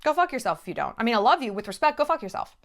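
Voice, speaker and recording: Very fast and on the high side, with big pitch swings, a woman vlogger addresses the camera in a direct monologue. She's emphatic and blunt, swears liberally, and pounds each point with brief, repeated phrases.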